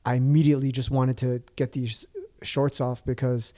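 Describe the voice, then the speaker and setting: A man's voice: medium pitch, flat delivery, moderate pace, dark tone. A man in his thirties casually telling a long story, rambling with lots of fillers and restarts. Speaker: guest.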